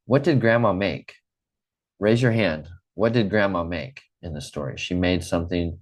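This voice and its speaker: Deep-voiced American man teaching English. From Midwest United States. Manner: slow, clear, repeats and checks with okay. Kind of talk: live online English class.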